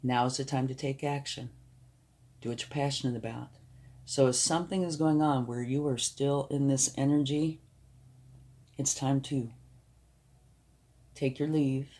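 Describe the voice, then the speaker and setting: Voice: medium pitch, steady tone, unhurried, pauses often, darkish tone. A tarot card reader giving a reassuring, emphatic reading, sometimes dropping to a whisper for emphasis.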